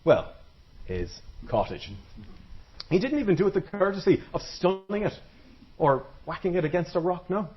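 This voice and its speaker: A man's voice: high voice, a little fast, highs cut off. A man telling a folktale live to an audience, dramatic and playful, drawing the crowd in. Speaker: storyteller. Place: live storytelling event before an audience.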